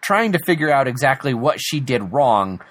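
A man's voice: mid-range voice, very animated, moderate pace, a bit bright. A man co-hosting a casual TV episode recap, laughing often and restarting his sentences. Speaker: podcast co-host.

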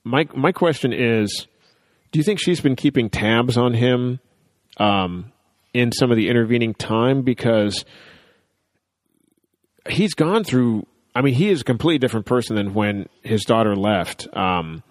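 A man co-hosting a casual chat about a TV show, talking things through and quoting characters in quick asides. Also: mid-range voice, expressive, no echo, clean studio sound.

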